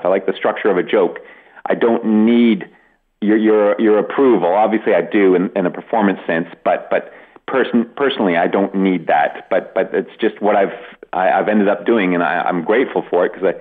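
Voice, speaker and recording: A middle-aged Canadian comedian with a Canadian accent, giving a dry, self-deprecating radio interview with many restarts. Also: male voice, sits low, narrow, tinny audio. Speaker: comedian guest.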